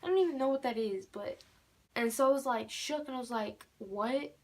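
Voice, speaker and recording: A woman's voice: on the high side, moderate pace. A teenage girl telling a casual storytime tale, rambling with many fillers and restarts. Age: teens. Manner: rambling, many fillers, keeps repeating "normal". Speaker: vlogger.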